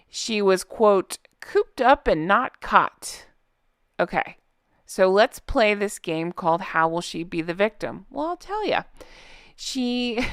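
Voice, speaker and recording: A woman's voice: medium pitch, a bit bright, clear, resonant tone, no room sound, studio quality. A woman vlogger giving casual, sarcastic reaction commentary on a book, blunt and swearing, with laughing asides.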